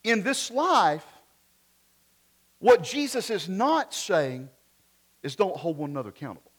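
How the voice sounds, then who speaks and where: A pastor with a drawl delivers a sermon in a slightly higher-than-usual voice. He talks with the congregation, tossing out rhetorical questions. His delivery swings from loud emphatic bursts down to quiet, almost muttered asides. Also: big pitch swings, unhurried, breathy edge.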